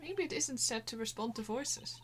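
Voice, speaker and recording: A woman's voice: a little high, animated, normal speed, a little hiss or hum, natural voice. A woman voicing a flustered young male defense lawyer, reading game dialogue aloud and stammering. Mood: dry exasperated. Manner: exasperated, stammering.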